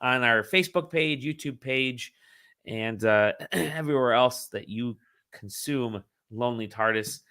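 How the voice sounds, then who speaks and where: A man's voice: medium pitch, measured pace, pushed and bright, smooth. A man hosting a podcast, chatting casually and cheerfully chiming in as the others talk. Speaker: podcast host. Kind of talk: casual chat.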